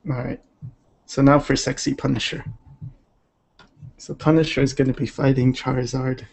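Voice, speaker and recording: A man's voice: medium pitch, level tone, normal speed, vocal fry, a little mellow. A man chatting casually while drawing on a livestream, laid-back and rambling with many fillers. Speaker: digital artist streaming.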